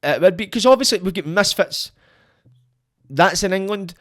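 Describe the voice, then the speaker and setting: A young Scottish man, a podcast guest, ranting bluntly in casual chat, swearing a lot and shooting up in pitch when he gets worked up. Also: lively intonation, moderate pace. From Scotland.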